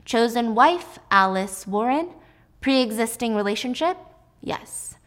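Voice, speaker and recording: A woman voicing a clinical doctor who reads out an applicant file in brisk, formal questions. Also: a little high, lively intonation, fairly bright tone.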